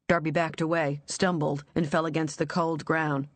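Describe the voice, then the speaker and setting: An audiobook narrator reading a thriller in an even, measured storytelling voice. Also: mid-range voice, no echo.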